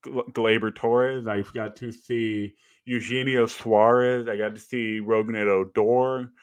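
A young man co-hosts a podcast and chats casually, telling stories with a lot of fillers and restarts. He's a former ballplayer, and his storytelling is animated. His mid-range voice is slow and smooth, with no echo.

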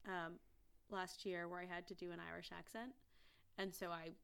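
Bright-voiced chatty woman podcaster. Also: fairly low pitch, level tone, normal speed, smooth. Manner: chatty, self-deprecating, frequent fillers. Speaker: podcast co-host. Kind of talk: casual chat.

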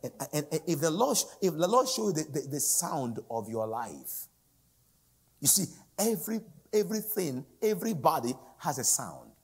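Raspy guest preacher, loud then whispered. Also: male voice, a little high, sing-song, moderate pace. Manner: dramatic swings from loud to whispered. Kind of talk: sermon.

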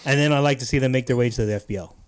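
A man's voice: medium pitch, racing, clean tone. A man hosting a casual podcast, going through amateur baseball playoff picks in a laid-back, joking way. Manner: laid-back, casual, swears, laughs easily. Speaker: podcast host.

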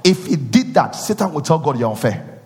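A male preacher giving a sermon, repeating phrases and questioning his listeners, rising from quiet teaching into sung and shouted peaks. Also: fairly high pitch, big pitch swings, normal speed, big-room sound.

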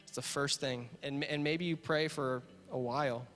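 Earnest pastor preaching in a reverberant hall. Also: male voice, medium pitch, steady tone, normal speed. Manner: earnest, repetitive, building to emphatic. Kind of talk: sermon. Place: church sanctuary. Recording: reverberant hall with soft guitar.

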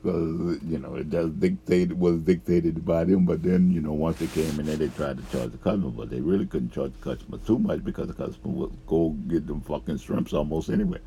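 A man's voice: rumbling low, fairly quick, vocal fry, hardly any pauses, warm tone, a little hiss or hum. A man telling a rambling, profane story about past jobs, full of fillers and chuckles. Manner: profane, laughs often, trails off with fillers.

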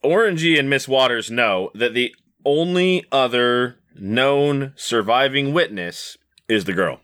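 A man's voice: mid-range voice, expressive, unhurried, a bit bright. A man narrating a tabletop game as game master, with loose, profane storytelling.

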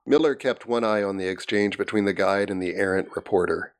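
A man's voice: on the low side, fairly quick, hardly any pauses, clear, resonant tone. A man reading a horror novel aloud on a comedy podcast, breaking off to joke with friends. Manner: reads steadily, breaks off to laugh and comment. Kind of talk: reading aloud and casual banter.

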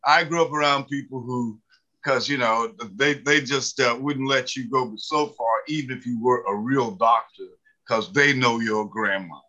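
Unhurried and medium in pitch, this man's voice is pushed and bright, but the audio is dull. He's in his seventies, from the mountains of the American South, and is telling folksy, humorous stories loaded with fillers as an author being interviewed.

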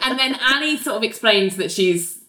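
A woman's voice: mid-range voice, moderate pace. A woman co-hosting a casual chat, recapping a TV episode and acting out the characters' lines. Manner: animated, acts out the characters' lines. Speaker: podcast co-host recapping a TV episode.

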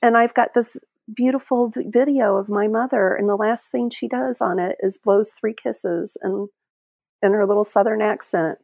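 Heartfelt middle-aged woman, halting speech. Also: medium pitch, steady tone, creaky, a little mellow, no room sound, clean studio sound. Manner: halting, heartfelt, many restarts and trailing phrases. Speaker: interview guest, end-of-life caregiver. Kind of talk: emotional personal storytelling.

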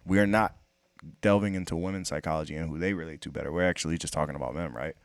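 A man's voice: a bass voice, very fast. A man in casual podcast chat, profane and emphatic, pressing his point with rhetorical questions.

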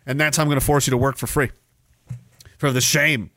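On a podcast stream, a man reads chat messages aloud and rants profanely and sarcastically, often wandering into tangents. His medium-pitched voice is brisk, a bit bright and fairly flat, with no echo.

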